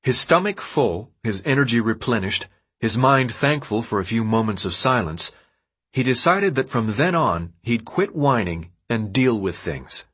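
A male audiobook narrator with a husky, slightly breathy voice. He reads in an expressive storytelling manner, and his pitch rises and falls a great deal. His voice sits at a middle pitch for a man. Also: measured pace. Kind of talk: scripted narration.

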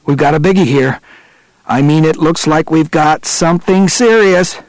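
An eager male pilot, played by a man reading the story, calls out each discovery in quick, excited bursts. His voice lifts a little higher than the telling around it. The sound is close and dry. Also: dry recording, rough recording. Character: excited male sub pilot calling out finds.

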